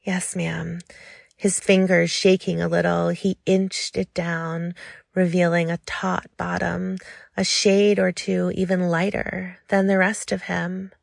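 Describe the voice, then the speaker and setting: A woman narrating a story in a slow, lingering, intimate way. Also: lowish voice, flat delivery, vocal fry, no echo, studio quality.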